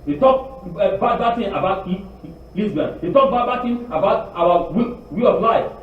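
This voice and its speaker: A man's voice: high voice, normal speed, a little hiss or hum. A man preaching a sermon as a rabbi, emphatic and repeating his phrases for weight. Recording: very echoey room, distant dull lo-fi mic.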